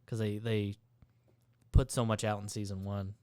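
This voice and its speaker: A man's voice: fairly low pitch, flat delivery, normal speed, a little mellow, clean tone. A man from Michigan with a Michigan accent, chatting casually on a podcast and cracking jokes. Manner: wisecracking, laughs easily. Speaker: podcast co-host. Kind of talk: casual chat. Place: studio.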